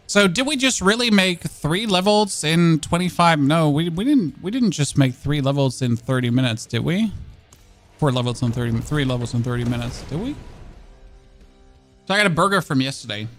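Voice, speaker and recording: German guy streaming a game, rambly and jokey, keeps restarting sentences, kinda high voice. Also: expressive, normal speed, soft background music. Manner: chatty, rambling, jokey, repeats and self-corrects. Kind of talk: casual gameplay commentary.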